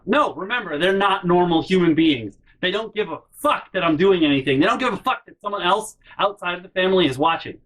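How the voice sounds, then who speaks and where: Profane, excitable man telling a story. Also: sits high, brisk, few pauses, soft background music. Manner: profane, excitable, shouts at peaks. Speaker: storytime vlogger. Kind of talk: animated storytime rant. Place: his bedroom at home. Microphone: handheld camera in his room.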